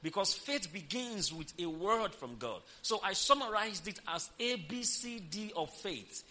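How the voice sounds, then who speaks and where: A male preacher delivers a sermon in a high, bright voice. He preaches with emphasis and keeps calling on his listeners to repeat after him and say amen. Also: animated, a little slow. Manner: emphatic, calls for congregation responses.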